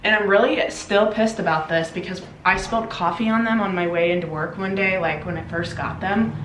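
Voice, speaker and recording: A woman's voice: medium pitch, fairly even intonation, fairly quick, a bit bright. A young woman vlogging at home, talking in a bubbly, chatty way with lots of fillers. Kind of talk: casual vlog chat. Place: home, indoors. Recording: echoey room, faint background noise.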